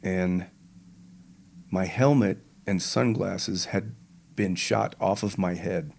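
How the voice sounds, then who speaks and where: An older man, a retired pararescueman, retelling his combat experience as a podcast guest in a slow, measured and vivid way. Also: low-pitched, creaky, a little mellow, slight background noise. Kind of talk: interview storytelling.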